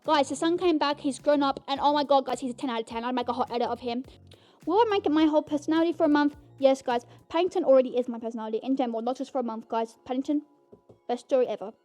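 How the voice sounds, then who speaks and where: A woman's voice: high voice, fairly even intonation, racing, mellow, soft background music. A young woman hosting her own podcast, giving a casual, rambling movie review and calling her listeners "guys". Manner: bubbly, rambling, keeps saying "guys". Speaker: podcast host.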